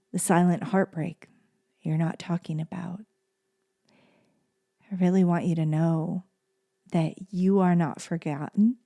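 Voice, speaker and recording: A female podcast host delivers a heartfelt solo monologue in a gentle, soft-spoken, tender manner. Her voice sits on the low side, and she repeats phrases for emphasis.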